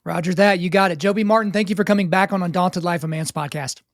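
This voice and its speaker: A male podcast host with a high voice who tells stories quickly and acts out the people he quotes. He keeps the talk moving in a relaxed interview. His voice is recorded close and dry. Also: no room sound. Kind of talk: casual interview chat.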